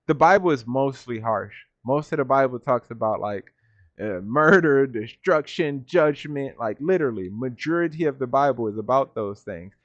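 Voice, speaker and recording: A man leads a Bible study from home, reading verses aloud and breaking words down one by one. His voice sits at a middle pitch. The recording is dry and a little dull. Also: lively intonation, normal speed, no echo. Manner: reads verses then defines words, repeats "right?". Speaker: Bible teacher. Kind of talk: scripture study talk.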